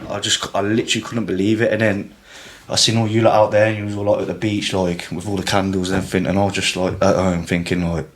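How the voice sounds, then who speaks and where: A man's voice: deep voice, level tone, fast talker. A young man talking casually on a podcast, rambling and swearing, with lots of fillers. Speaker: podcast guest. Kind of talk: emotional casual chat.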